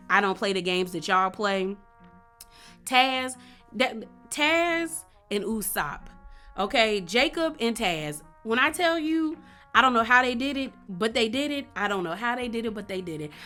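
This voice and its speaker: A young woman talking casually and emphatically as a vlogger, reviewing a series. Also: mid-range voice. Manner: animated, emphatic, slangy.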